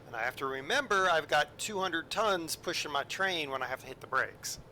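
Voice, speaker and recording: A man's voice: a little high, expressive, fairly quick, pushed and bright, slight background noise. A man streaming a train game, chatting casually and joking with his viewers, with lots of ums and asides. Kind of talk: casual live-stream commentary.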